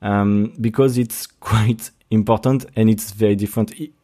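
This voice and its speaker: A young man with a French accent, speaking English as a second language in a casual monologue, halting and searching for words, often restarting and laughing at himself. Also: fairly low pitch, steady tone, dark tone. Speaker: podcast host.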